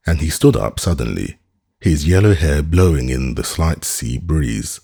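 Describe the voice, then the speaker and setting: Audiobook narrator, male, very deep and slightly husky voice, measured and expressive delivery. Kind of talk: scripted narration.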